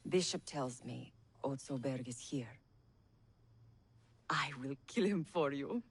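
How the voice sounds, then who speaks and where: An actor playing a blunt, deadpan foreign female assassin who speaks stiffly and formally in a game cutscene. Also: very deep voice, takes it slowly, husky, full character voice.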